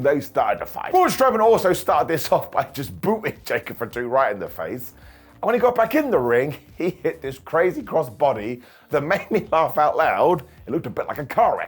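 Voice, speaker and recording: A man's voice: medium pitch, breathy edge. A man giving a casual, jokey review of a wrestling show, often laughing through his commentary. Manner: animated, laughing, jokey asides.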